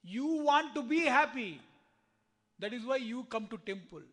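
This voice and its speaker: A man's voice: very high voice, animated, a little slow, a bit bright. A man with an Indian English accent giving a spiritual discourse at a temple, asking the audience rhetorical questions and acting out both sides of conversations. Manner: asks the audience rhetorical questions, acts out the dialogue himself.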